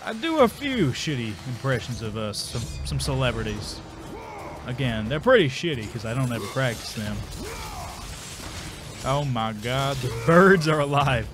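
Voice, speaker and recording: With music in the background, a very animated man with a congested, medium-pitched voice comments at a moderate pace on his video game. He rambles casually and mocks himself in let's play style.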